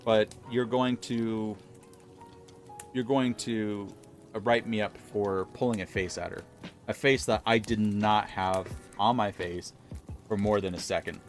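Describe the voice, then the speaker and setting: A man's voice: lowish voice, measured pace, faint music behind. Exasperated man retelling a work story. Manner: exasperated, animated retelling with quoted dialogue. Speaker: pharmacy worker telling a story. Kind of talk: casual storytelling to viewers.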